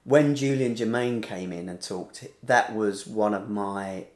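A man hosting a casual chat, eager and quick to chime in. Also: lowish voice. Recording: roomy echo.

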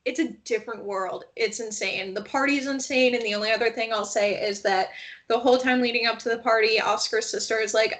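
A woman co-hosting a casual chat show, telling stories in an animated way and quoting people as she goes. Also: medium pitch, fairly quick. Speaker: podcast co-host. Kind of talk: casual chat about reality TV.

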